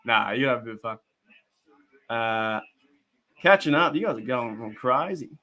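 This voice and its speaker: Reacting to football on a casual live stream, this young Australian host rambles to his viewers with plenty of fillers and restarts. He speaks a little slowly in a mid-range, expressive voice with a sharp tone.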